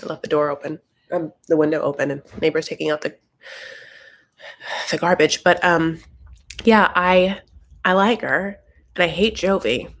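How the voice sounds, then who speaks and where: A woman's voice: deep voice, moderate pace, pauses often. A woman hosting a casual show recap, talking in a gossipy, profane, ranting way.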